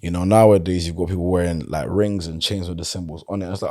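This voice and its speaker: A man with a South London accent, chatting casually as a podcast guest and telling stories in a relaxed, loose way. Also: deep voice, fast talker. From London, England. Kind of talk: casual conversation.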